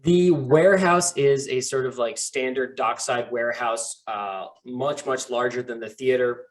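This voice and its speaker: A man of middle pitch running a tabletop game as game master. He describes each scene haltingly, leaning on fillers and restarts as he goes. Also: distant mic.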